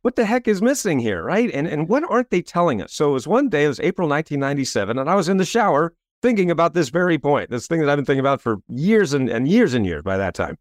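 A man's voice: on the high side, fast, hardly any pauses, dry recording, clean studio sound. A man, a coach and author, telling a story as an interview guest, acting out quotes and asking "right?" again and again. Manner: lively, acts out quotes, frequent "right?".

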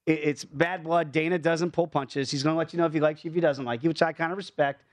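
A man talking as a fight analyst on a sports betting show, emphatic and quick to pile up points. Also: a little high, steady tone, dry recording. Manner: fast, emphatic, jumps between points.

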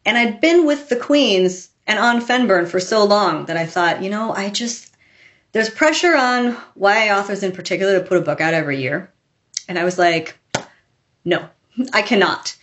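A woman author telling stories in a casual interview, chatty and animated, acting out quotes as she goes. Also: mid-range voice, moderate pace. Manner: chatty, animated storytelling with laughs and acted quotes. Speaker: author, podcast guest.

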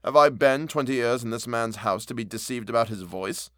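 A man's voice: mid-range voice, fairly quick, sharp tone, dry recording, clean studio sound, natural voice. A man voicing an anxious, loyal old male butler in a storybook reading, speaking harshly and urgently. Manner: harsh, broken, urgent pleading.

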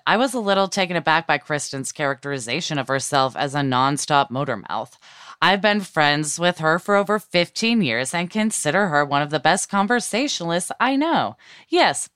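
A woman co-hosts a podcast, chatting casually and telling animated stories full of fillers. Her low voice has a clean tone, recorded at studio quality with no room sound.

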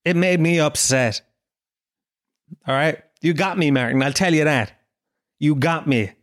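A man in his thirties with a Dublin Irish accent, ranting and swearing on his own solo podcast, mock-indignant and animated. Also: a little high, unhurried. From Ireland. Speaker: podcast host. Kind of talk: casual solo podcast rant.

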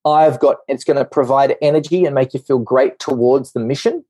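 A man, a doctor guest on a podcast, explaining a topic in lively talk and acting out quick little voices in his examples. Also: medium pitch, breathy edge, no room sound.

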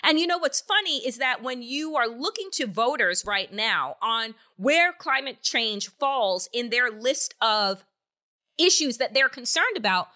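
A woman's voice: a little high, animated, unhurried, pushed and bright. A woman hosting a political podcast, delivering angry, emphatic commentary with heavy swearing and rhetorical questions. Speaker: podcast host. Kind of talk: opinionated political commentary with profanity.

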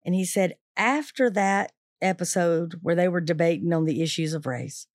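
A woman teacher retelling a true story to listeners, lively and acting out the quoted voices. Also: lowish voice, normal speed, dry recording, clean studio sound.

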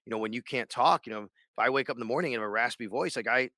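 A man's voice: medium pitch, racing, bright, forceful tone, dry recording. A man who hosts sports radio, chatting casually on a podcast in a rambling way with many restarts.

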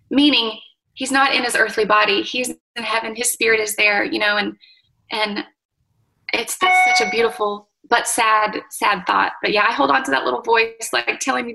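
Bright-voiced woman speaking tenderly. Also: on the high side, steady tone, creaky, rough recording. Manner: soft-spoken, tender, reflective with pauses and fillers. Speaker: interview guest, mother. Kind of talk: emotional interview conversation.

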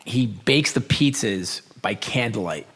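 Husky New York man telling food stories. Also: on the low side, lively intonation, fairly bright tone. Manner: enthusiastic storyteller, quick asides and restarts. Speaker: podcast co-host. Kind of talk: casual chat.

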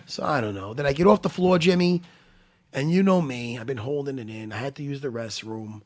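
A man in loose, casual conversation with a slightly high voice. He gets animated, laughs often and swears freely. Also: fast. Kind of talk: casual chat.

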